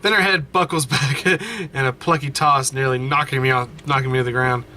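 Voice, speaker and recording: A man playing a story game at home, reading the text aloud with animated running commentary and frequent self-corrections. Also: medium pitch, fairly quick, a little hiss or hum. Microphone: desk mic, wearing headphones.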